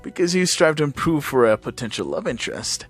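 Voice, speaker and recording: A man's voice: mid-range voice, big pitch swings, brisk, breathy edge, faint music behind. A man voicing an enthusiastic, friendly teenage boy who speaks earnestly.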